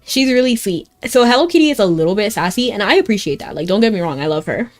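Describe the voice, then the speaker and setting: A woman's voice: medium pitch, lively intonation, fast. A young woman streaming a game, chatting casually and rambling to her chat with frequent giggles. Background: faint game music.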